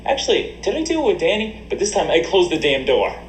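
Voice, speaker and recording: A man's voice: high voice, wildly swooping pitch, fast, slight background noise. Crude joking male streamer, roomy echo. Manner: crude, joking, laughs often. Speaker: livestreamer reading chat. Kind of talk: casual stream banter. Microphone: desk USB mic.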